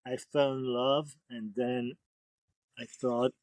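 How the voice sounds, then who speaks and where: A man's voice: mid-range voice, little pitch movement, slow pace, a little mellow, no room sound. A man speaking as a tattoo artist guest on a podcast, telling rambling, profane stories in a laid-back way. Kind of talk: casual storytelling interview.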